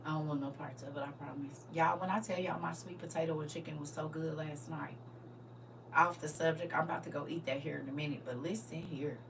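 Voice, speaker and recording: This middle-aged woman's low voice has vocal fry, and she talks briskly against a noisy background while hosting a livestream. Her casual chat is blunt and animated, with viewers called "y'all" and "baby."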